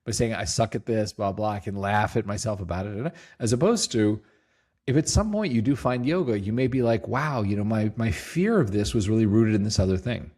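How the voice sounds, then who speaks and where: A man's voice: on the low side, brisk. A middle-aged man, a company CEO, being interviewed as a guest, telling stories casually and acting out quotes. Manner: lively storyteller, acts out quotes, laughs easily.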